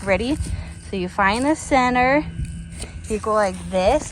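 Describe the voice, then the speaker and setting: A woman, chatting casually and excitably with lots of ums while she does a backyard gardening how-to. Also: a little high, a little slow. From Texas. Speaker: gardening vlogger. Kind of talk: casual outdoor how-to vlog. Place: outdoors in a backyard. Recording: outdoor noise behind the voice.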